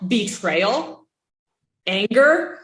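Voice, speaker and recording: Woman, instructor, classroom lecture, chatty, animated, higher voice, roomy echo. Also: very slow. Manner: lively, acts out reactions with gasps and voices. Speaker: child development instructor.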